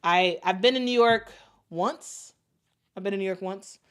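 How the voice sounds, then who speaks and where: A young woman with a Chicago accent hosting a casual sports livestream, talking in a halting way with lots of fillers and restarts. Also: medium pitch, fairly bright tone, smooth. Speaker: sports show host. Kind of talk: casual livestream chat reading super chats.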